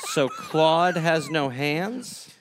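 A man co-hosting a comedy podcast, reacting to the story with quick wisecracks and puns. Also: fairly high pitch, wildly swooping pitch, background noise. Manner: quick wisecracks and punning interjections. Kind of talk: comedic banter.

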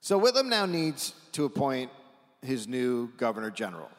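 A man hosting a comedy podcast live, telling a history story in an animated, casual way with dry asides and offhand swearing. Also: medium pitch, moderate pace. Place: stage at a live podcast taping. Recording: live show in a reverberant hall.

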